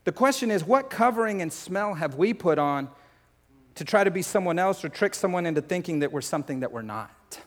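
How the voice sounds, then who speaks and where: A man's voice: high-pitched, a little fast. Man preaching, acting out bible scenes, big echoey hall. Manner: animated, acts out scripture scenes. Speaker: pastor. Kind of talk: sermon. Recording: long hall reverb.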